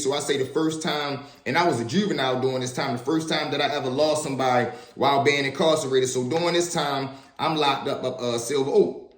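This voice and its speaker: A man in his twenties telling personal stories in a casual, slangy, animated way, often turning to the listeners with asides. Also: medium pitch, fairly quick. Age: 20s. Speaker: storyteller. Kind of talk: casual storytelling vlog. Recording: echoey room.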